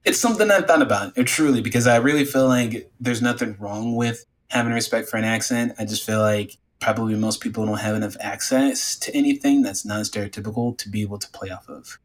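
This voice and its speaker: A man talking casually as a guest about game design, animated and rambling with lots of "like" fillers. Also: lowish voice, a little fast, few pauses. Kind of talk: casual conversation.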